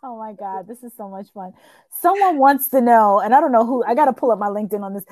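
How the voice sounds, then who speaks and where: A woman's voice: on the high side, lively intonation, fast talker, a little mellow, no room sound. A woman hosting a live stream interview, chatting and reading viewer comments enthusiastically. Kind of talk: casual interview chat.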